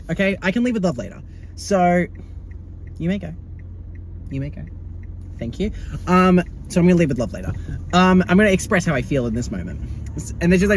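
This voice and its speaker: A high-pitched young man chats through his video diary with theatrical sass. He swears freely and flies into exasperated outbursts. Faint car noise sits behind him. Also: very animated, a little fast. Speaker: vlogger.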